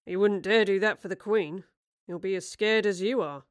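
A woman voicing a man in his thirties who speaks calmly and reassuringly, with gentle teasing. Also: medium pitch, moderate pace, dry recording, studio quality, close to an everyday voice.

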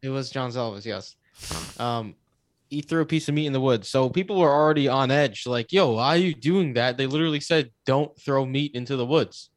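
A man's voice: medium pitch, fairly quick, no echo. Dry-voiced young man telling a story. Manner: animated, swears, laughs while telling. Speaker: podcast co-host. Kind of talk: casual storytelling.

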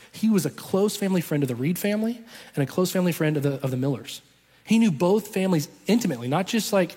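A man with a slightly high, breathy voice preaches a fervent sermon. He tells his story with passion and repeats lines for emphasis. The sound carries a long, lingering hall reverb. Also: darkish tone. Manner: impassioned storytelling with emphatic repetition.

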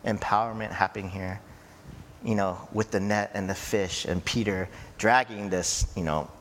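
A man preaching a sermon in a slow, conversational way, often checking in with his listeners. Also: lowish voice, fairly even intonation, a bit bright. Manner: slow, conversational preaching with frequent "right?" and "you know". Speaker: pastor. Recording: echoey hall with faint ambient noise.

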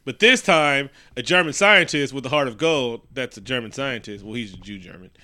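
A man's voice: medium pitch, a little fast, pushed and bright. A man co-hosting a casual podcast, recapping a movie with profane jokes and acted-out quotes. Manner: profane, joking, acts out quotes. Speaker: podcast co-host.

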